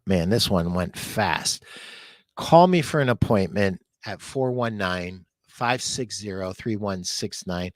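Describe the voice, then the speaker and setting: A man's voice: mid-range voice, no echo. Earnest, emotional man on a dry mic. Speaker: furniture sales rep guest. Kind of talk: live podcast chat.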